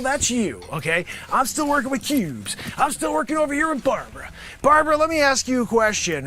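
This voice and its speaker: Animated, sarcastic man riffing a pitch. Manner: sarcastic, rambling, talks to an imagined panel. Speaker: comedian performing a pitch. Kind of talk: improvised comedy monologue.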